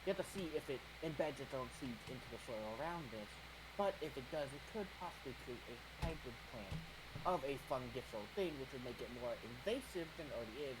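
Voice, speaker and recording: A man playing a tabletop role-playing game, talkative and thinking out loud. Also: mid-range voice, background noise. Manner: quick, talkative, thinking aloud. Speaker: player. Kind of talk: casual tabletop role-play.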